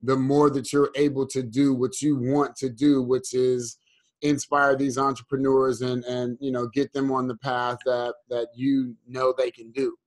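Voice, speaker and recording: A man with a mid-pitched voice, a guest on a podcast who talks reflectively and earnestly. He works through his thoughts step by step as he explains them. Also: level tone, measured pace. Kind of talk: casual podcast conversation.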